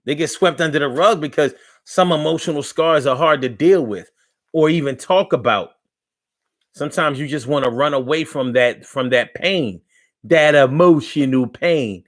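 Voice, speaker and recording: A man's voice: a little high, normal speed. A man hosting a live online talk show in a casual, playful way, repeating phrases and reading viewer comments aloud.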